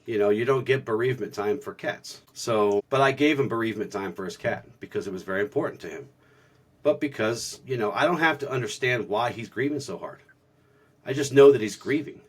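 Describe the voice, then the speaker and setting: A man's voice: mid-range voice, fairly quick, husky. A man co-hosting a spiritual podcast, telling stories earnestly and reflectively in a casual way, often restarting his sentences. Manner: earnest storytelling with many restarts. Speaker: podcast co-host.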